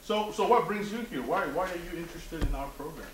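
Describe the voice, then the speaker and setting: A man's voice: on the high side, fairly quick. A man running a mock interview at a seminar, often stammering and repeating words while he asks questions. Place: seminar room. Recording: roomy, distant, noisy room recording.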